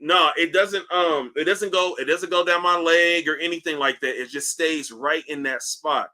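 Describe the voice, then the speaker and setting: A man hosting a casual livestream, reading comments aloud in a loose, profane, animated way while in back pain. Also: a little high, normal speed. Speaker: livestream host. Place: indoors at home, seated.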